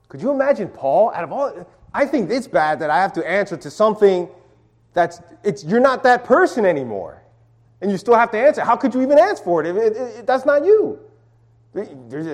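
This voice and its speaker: Lively, animated man teaching scripture. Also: sits high, a little fast. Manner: conversational, repetitive restarts, calls on audience. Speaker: Bible study teacher. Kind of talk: interactive church teaching.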